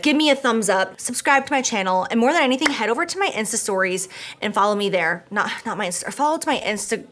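A woman's voice: mid-range voice, fairly bright tone. A young woman talks straight to camera in a home vlog, reviewing products she loves. She gushes and chatters freely, with filler words and casual swearing throughout. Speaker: beauty vlogger.

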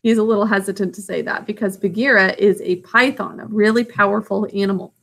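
A woman's voice: mid-range voice, steady tone, brisk, creaky, a bit bright. A woman reading a story aloud, stopping to explain what is happening. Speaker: storybook reader.

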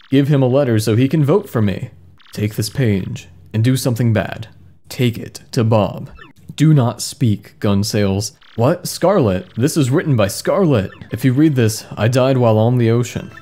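A man doing comedic let's play commentary, reading mistranslated game text aloud and joking about it in a wry, amused way. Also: medium pitch. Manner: wry, amused, reads mistranslated lines with deadpan jokes. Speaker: gaming commentator. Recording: faint game music behind voice.

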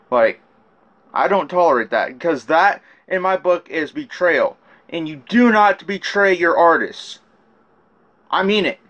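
A man's voice: fairly high pitch, a bit bright, muffled recording. Rambling, profane man with a raised voice. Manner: profane, rambling, with many restarts. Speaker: rapper telling his side of a feud. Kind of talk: casual rant recounting messages.

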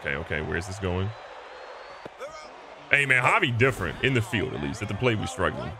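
A young man casually commentating his own baseball video game, excitable and joking, swinging between hype and mock despair. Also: low-pitched, brisk, a crowd in the background. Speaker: gaming channel host. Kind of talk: live gameplay commentary.

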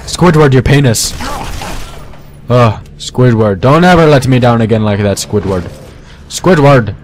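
A young man giving goofy, casual commentary over his own gameplay, talking to his weapons and now and then yelling at them. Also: medium pitch, expressive, moderate pace. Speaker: let's play gamer. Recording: faint game noise behind. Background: game gunfire.

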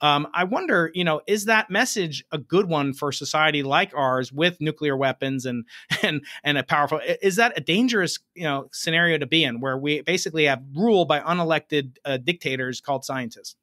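A man hosting a podcast interview, talking in an animated, jokey way and laughing often. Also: fairly high pitch, a little fast, no room sound, clean studio sound. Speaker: podcast host. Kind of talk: interview conversation.

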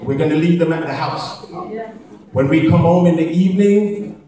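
High-voiced Jamaican stand-up comic. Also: male voice, normal speed, mellow. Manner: storytelling with acted-out voices of friends. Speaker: stand-up comedian. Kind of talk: stand-up comedy. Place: banquet hall at a live event. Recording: echoey hall from far off with laughing crowd. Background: audience laughing.

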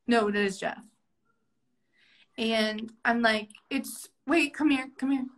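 A woman's voice: fairly high pitch, slow pace. A young woman hosting an improvised comedy sketch on a live stream, playing a chipper career orientation leader in a bubbly, mock-cheerful way.

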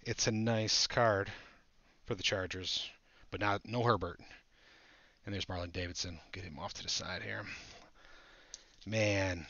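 A man hosting a live trading-card break, chatting excitedly with viewers as he opens packs. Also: sits low, measured pace, pauses often, dry recording. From Buffalo area, United States. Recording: dull lo-fi audio.

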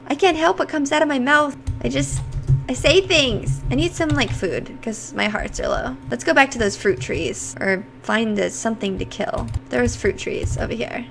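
Excitable, shrieking woman streaming a game. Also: sits high, moderate pace, faint music behind. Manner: excitable, screams at sudden scares, chatters nonstop to viewers. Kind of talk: live gameplay commentary to chat.

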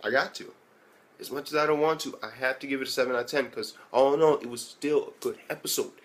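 A man's voice: mid-range voice, steady tone, fast. A man giving a casual spoken anime episode review, rambling and swearing heavily with lots of "like" fillers.

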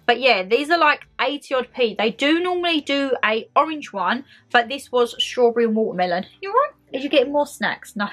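A young British woman chatting excitedly to her viewers as she shows off a shopping haul at home. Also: fairly high pitch, fairly quick, few pauses. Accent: British English. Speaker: vlogger. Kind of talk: casual shopping haul vlog.

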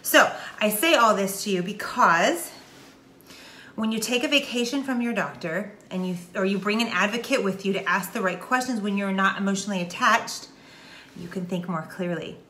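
A middle-aged woman with a Texan accent talking straight to camera in a casual, animated, preachy way. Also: medium pitch, moderate pace, a little hiss or hum. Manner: animated, preachy, folksy with southern slang. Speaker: vlogger. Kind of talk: casual direct-to-camera talk. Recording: echoey room.

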